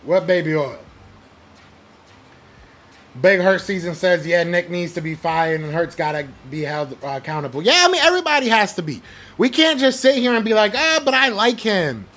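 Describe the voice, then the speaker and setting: A man's voice: high-pitched, animated, moderate pace, a bit bright. A young man hosting a podcast, ranting about his team in blunt slang with fired-up emphasis and reading out live chat comments. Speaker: podcast host. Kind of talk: heated sports rant, reading live chat.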